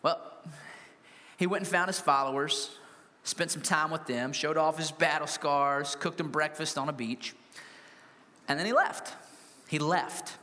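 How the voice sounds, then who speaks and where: Animated high-voiced male preacher in a hall. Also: unhurried, pauses often. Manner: animated, humorous, rhetorical questions. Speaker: pastor. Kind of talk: sermon. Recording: long hall reverb.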